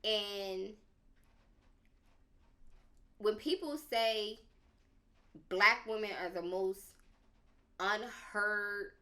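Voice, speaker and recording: A woman's voice: mid-range voice, very slow, pauses often. A young adult woman telling a personal story on a podcast, in a casual, dramatic, slangy way. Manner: animated and dramatic, slangy, lots of "like". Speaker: podcast speaker.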